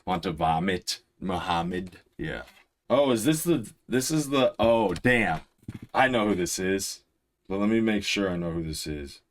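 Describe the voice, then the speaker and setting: Deep-voiced man rambling through a reaction. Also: a little slow. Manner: rambling, excited explaining with many restarts. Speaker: music reaction host. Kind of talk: casual reaction commentary.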